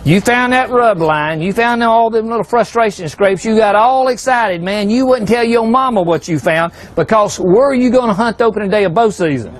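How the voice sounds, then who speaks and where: A man's voice: high voice, normal speed, few pauses, a little hiss or hum. A man giving a folksy, joking hunting seminar, peppering a live audience with rhetorical questions.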